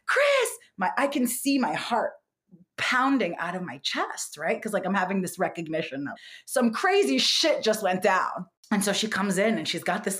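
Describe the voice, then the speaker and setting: A woman being interviewed as a guest, telling a personal story in a candid, casual way and filling her speech with "like" and "you know.". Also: mid-range voice. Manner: candid, animated, heavy use of "like" and "you know". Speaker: guest psychic medium.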